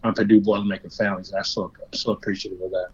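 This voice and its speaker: A man's voice: fairly low pitch, little pitch movement, very fast, darkish tone, breathy edge, muffled recording. A man from Indiana, a guest on an interview show, telling self-deprecating stories about his youth with frequent laughs and restarts. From Indiana, USA. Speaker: guest, former player. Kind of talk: storytelling in a conversation.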